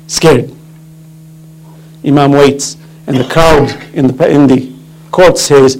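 A man's voice: medium pitch, steady tone, slow pace, long pauses, a little mellow, low-quality recording. A man giving an impassioned religious lecture, telling a story with fervent, rising emphasis. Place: mosque or religious center hall.

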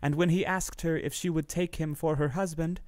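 A man narrating a fairy tale in a steady, measured storybook reading. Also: on the high side, no room sound, clean studio sound.

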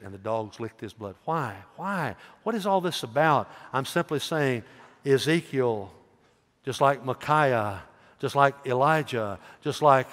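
A male pastor preaching a sermon, telling a story with animated voices and calling out questions to the congregation. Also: mid-range voice. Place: church. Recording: echoey church hall reverb.

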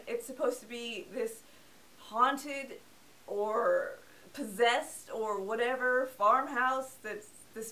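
Chatty sarcastic young woman reviewing a movie, kinda high voice, mic sits a bit far off. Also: fairly bright tone. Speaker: film review host. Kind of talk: casual film review.

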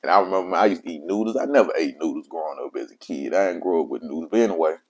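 A man's voice: low voice, rapid-fire, breathy edge. A man who is a father, telling his own life story in casual, slangy speech and repeating himself for emphasis. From Mississippi. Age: adult father of children.

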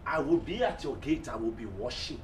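An actor playing a threatening middle-aged moneylender in a sitcom, with a Nigerian accent and a loud, sarcastic, nagging manner. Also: male voice, medium pitch, big pitch swings, fairly quick, a little hiss or hum, close to an everyday voice. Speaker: moneylender demanding repayment. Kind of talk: sitcom acting. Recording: echoey room heard from a distance.

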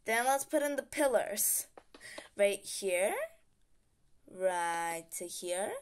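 A woman's voice: a little high, sing-song, takes it slowly, long pauses, noisy background. A woman giving casual, playful game-tutorial commentary, chatting and humming sound effects as she builds. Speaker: gaming channel host.

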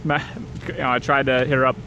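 A man's voice: mid-range voice, flat delivery, fast talker, bright, forceful tone, a little hiss or hum. A man talking in a rambling, profane casual rant, repeating himself and chuckling between sentences.

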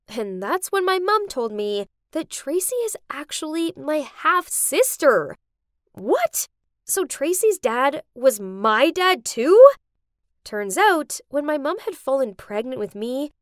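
Expressive young woman narrating a story. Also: high voice, measured pace, no echo, studio quality. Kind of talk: scripted narration for an animated story.

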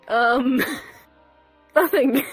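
A woman's voice: high voice, breathy edge, dry recording, exaggerated voice, low-quality recording. A woman playing a giggly young woman who gets flustered and dodges questions about her crush, in a fan audio drama. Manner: giggly, evasive, deflecting with food.

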